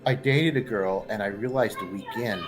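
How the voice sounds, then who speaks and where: A man's voice: lowish voice, moderate pace, music in the background. A man at a tabletop game table telling a casual anecdote in a dry, understated way. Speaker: player.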